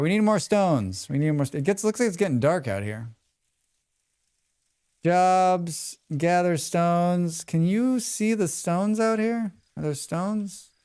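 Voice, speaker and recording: A man's voice: sits high, a little mellow, clear, resonant tone. An American man chatting casually to his live chat while playing a game, rambling through asides and reading tutorial text aloud. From United States. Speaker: streamer. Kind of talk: casual live gameplay commentary.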